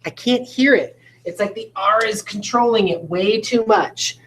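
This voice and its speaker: In a mid-range, slightly rough voice and an unhurried pace, a woman who is an adult parent teaches a recorded video lesson. She explains each step patiently and checks in with her listeners by asking questions.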